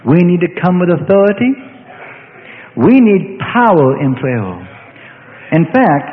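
A high-voiced middle-aged man delivers an impassioned sermon, leaning into emphatic lists and sudden acted asides. The sound is thin and phone-like. His words ring out with a long reverb tail, as if he is preaching in a large hall. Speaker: pastor. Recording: tinny lo-fi recording in a reverberant hall.

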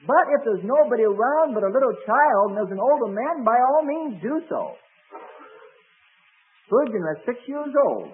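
A man's voice: very high-pitched, sing-song, moderate pace, narrow, tinny audio, a little hiss or hum. A man preaching a sermon as pastor, telling stories with many fillers and acted quotes.

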